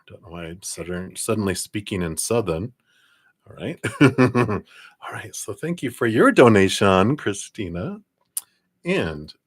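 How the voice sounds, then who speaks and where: A man's voice: fairly low pitch, no echo. A man giving a casual live tarot reading, chatty and encouraging, thinking aloud as he goes. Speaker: tarot card reader.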